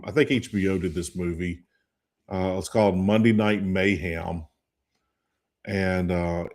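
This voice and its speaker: A tired man in his fifties co-hosts a sports talk show, his voice low and a little mellow. He chats casually and rambles, losing names partway through his thoughts.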